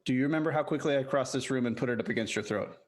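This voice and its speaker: A man voicing a male warrior interrogating a captive, slow and threatening. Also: mid-range voice, lightly acted.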